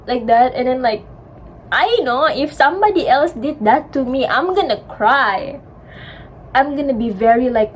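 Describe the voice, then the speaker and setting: Young woman, Malaysian English accent, slightly high voice, casual storytelling, a bit strained and dry, faint background hiss. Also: measured pace. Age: young adult. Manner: chatty, mixes in Malay words, acts out her own past outbursts. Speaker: university student vlogger.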